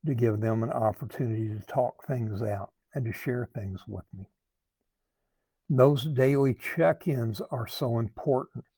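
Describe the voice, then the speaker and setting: An earnest man talks as a recovery coach, taking his time and restarting phrases as he thinks. His voice is mellow and gravelly with a husky edge. The sound is dry and close. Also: mid-range voice, no echo. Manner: slow, earnest, repeats words while thinking. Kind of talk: talking to camera, advice monologue.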